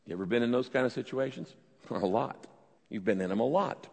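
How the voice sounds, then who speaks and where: Man, pastor's sermon, gravelly voice, lively swooping pitch, long hall reverb. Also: fairly quick. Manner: preaching with emphatic rises on quoted prayers.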